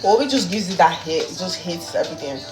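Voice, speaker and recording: A woman's voice: lowish voice, lively intonation, fast talker. Chatty blunt woman, echoey room, music. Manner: blunt, chatty and profane, talks straight to viewers. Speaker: livestreamer. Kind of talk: casual livestream chat while cooking. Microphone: phone.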